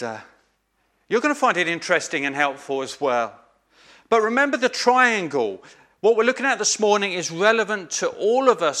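A man's voice: high voice, pushed and bright. A man preaching an earnest sermon, stressing key phrases by repeating them. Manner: earnest, emphatic, with repeated phrases and small restarts.

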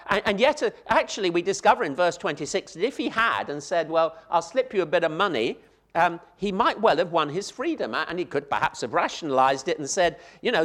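A man's voice: on the high side, fairly bright tone. A man preaching a sermon, emphatic, repeating key phrases and speaking straight to his listeners. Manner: addresses the listeners directly.

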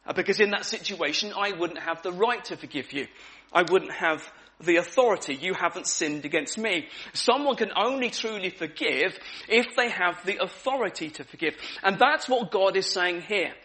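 A man delivers a sermon in a high, bright and forceful voice. He talks in a relaxed, conversational way, with frequent ums, and repeats his key words to drive them home. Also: normal speed. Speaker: preacher. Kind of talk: evening sermon.

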